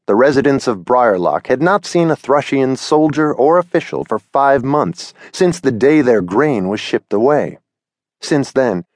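Male storybook narrator, middle pitch, very animated reading, dry close recording. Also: no room sound. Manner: expressive, storytelling. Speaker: audiobook narrator. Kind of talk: scripted children's story narration. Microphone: close studio mic.

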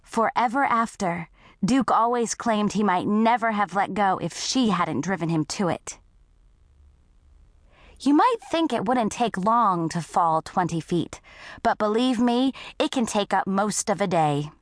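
A woman narrating a first-person audiobook story in a scripted, unhurried way. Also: medium pitch, expressive, dry recording, studio quality.

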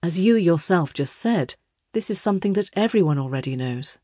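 Casting: woman doing a young male secretary in an audiobook, careful and composed, a low voice. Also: lively intonation, moderate pace, darkish tone, no echo, studio quality. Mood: guarded.

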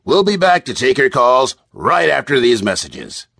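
A man's voice: medium pitch, very animated, measured pace, gravelly, a bit bright, dry recording, voice pushed up, exaggerated voice. A man voicing an affable male TV talk-show host who asks his questions eagerly and upbeat.

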